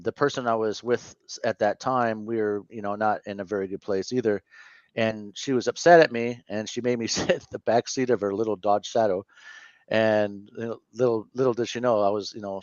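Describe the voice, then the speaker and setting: Guy in his 50s telling his story on an interview show, lowish voice, earnest, keeps restarting sentences, dull dry audio. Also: steady tone, no echo. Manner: earnest and candid, halting with frequent self-corrections. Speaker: guest.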